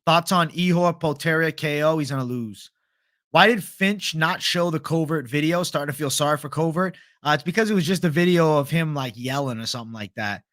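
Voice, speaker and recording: A man's voice: fairly high pitch, fairly quick, fairly bright tone, dry recording, studio quality. A young man hosting a live stream, reading viewer comments in a laid-back, chatty, profane way. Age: young adult. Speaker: host.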